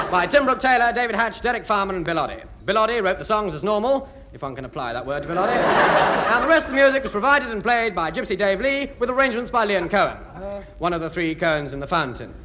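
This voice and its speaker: A man's voice: high-pitched, expressive, fast talker. A man narrating and announcing a 1960s radio comedy show, mock-ominous with dry asides. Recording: noisy old radio broadcast with audience.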